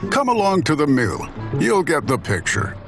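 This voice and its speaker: A man voicing a burly, cheerful farmer who talks in a gruff, slow, knowing way. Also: on the high side, huge pitch swings. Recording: narration over clear background music.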